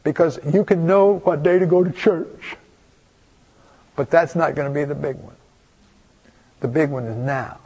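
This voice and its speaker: Older guy preaching, gravelly and kinda husky, rambles folksy with lots of asides. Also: a little high, measured pace, pauses often, a little mellow. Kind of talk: storytelling sermon.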